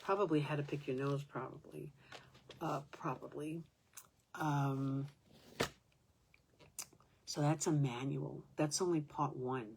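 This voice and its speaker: A woman's voice: low-pitched, steady tone, takes it slowly, vocal fry, long pauses, darkish tone, a little hiss or hum. An older woman at home, talking to her own camera in a rambling, aggrieved way, with many fillers. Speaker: vlogger. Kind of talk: casual talk to camera.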